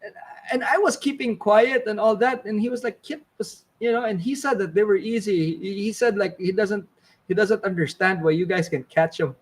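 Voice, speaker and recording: A man with a high voice tells a casual, rambling story. He swears freely and fills his talk with "like" and "you know.". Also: moderate pace. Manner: rambling, swearing, many fillers. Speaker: fishing channel host.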